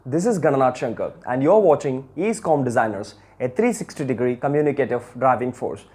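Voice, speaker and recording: A man's voice: medium pitch, expressive, fairly quick, darkish tone. A man hosting a video lesson on English, speaking formally and earnestly and repeating key words for emphasis. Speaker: channel host and English teacher.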